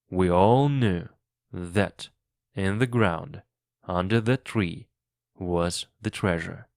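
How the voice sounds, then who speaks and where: Slow, low-voiced male reader. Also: no echo, clean studio sound. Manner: clear, deliberate reading. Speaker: narrator and English teacher. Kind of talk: slow audiobook reading for learners.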